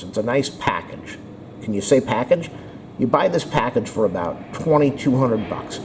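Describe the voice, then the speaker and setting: A man's voice: mid-range voice, darkish tone, slight background noise. Blunt, sarcastic man ranting to camera. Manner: sarcastic and blunt, rambling with restarts. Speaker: vlogger reviewing a camera. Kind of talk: casual opinionated rant.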